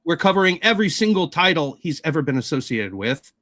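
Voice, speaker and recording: A male podcast host talking in a loose, tipsy way after some rum. His pitch rises and falls in lively swings. The sound is dry and close, with no room around it. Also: quick pace, no room sound. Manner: loose, laughing, a little tipsy. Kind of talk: casual podcast banter.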